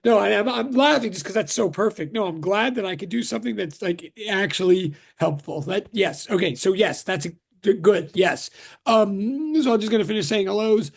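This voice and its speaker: A male physics professor greets his class over a video call, chatty and quick to joke. His voice sits high for a man and carries a gravelly, frayed edge. He often breaks off his own sentences. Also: lively intonation. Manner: chatty, self-interrupting, joking. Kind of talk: casual online lecture greeting.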